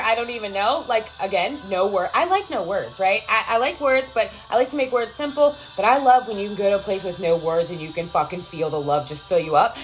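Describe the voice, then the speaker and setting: Reading comments during a casual live stream, a woman gives emphatic motivational talk in a fairly high, slightly bright voice. The recording is low quality. She's affectionate with viewers, calling them girl and love, and she swears freely and repeats lines for effect.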